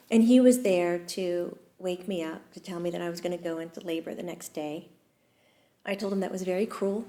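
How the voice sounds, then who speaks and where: A woman host chatting casually about her own experiences. Her talk is relaxed and lively, broken up by quick laughs and small pauses. Her voice sits at an everyday middle pitch. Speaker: host and medium. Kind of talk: casual storytelling chat.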